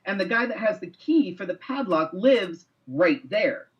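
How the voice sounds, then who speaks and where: Profane animated man on a muffled stream. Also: sits high, unhurried. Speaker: co-host. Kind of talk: casual chat, storytelling.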